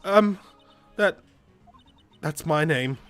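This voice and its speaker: A man's voice: a little high, extremely slow, a bit bright, no room sound, faint music behind. A man voicing a nervous, emotional young woman in a video game, in a raised, flustered voice. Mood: shocked. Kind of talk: reading game dialogue aloud.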